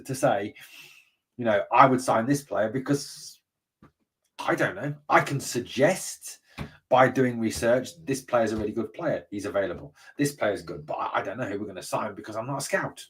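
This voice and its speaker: Far from the mic, a man hosting a fan-channel live stream speaks at normal speed in a mid-range, slightly rough voice with lively intonation. He reads viewers' comments and answers them bluntly, swearing freely and frequently using "mate" and "obviously."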